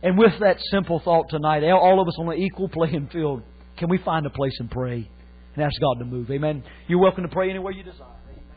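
A male pastor preaching a sermon, with impassioned swings and sudden loud exclamations. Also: on the high side, a little fast, husky. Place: church. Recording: tinny phone-like sound with faint mains hum.

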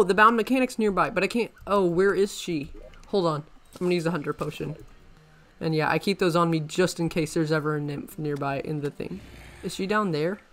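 Excitable man narrating his gameplay. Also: fairly high pitch. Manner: excitable, rambling, frequent panicked exclamations. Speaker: gaming channel host. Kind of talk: let's-play commentary.

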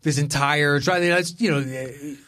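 A man's voice: on the high side, moderate pace, pushed and bright, dry recording. A man co-hosting a film podcast, chatting casually and laughing often. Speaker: podcast co-host.

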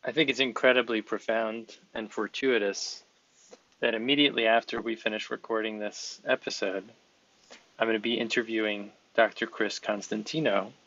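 A male podcast host conducts a conversational interview, speaking earnestly and encouragingly in long, flowing sentences. His lowish voice has a steady yet sharp tone at a moderate pace, with no room sound, though the audio is dull and slightly lo-fi.

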